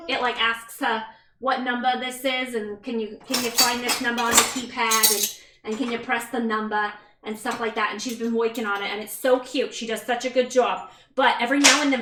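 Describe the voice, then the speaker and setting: A woman with a fairly high voice hosts a casual cooking livestream from her home kitchen, with noise in the background. She's chatty and bubbly, reading viewer comments aloud and talking to her toddler as she cooks.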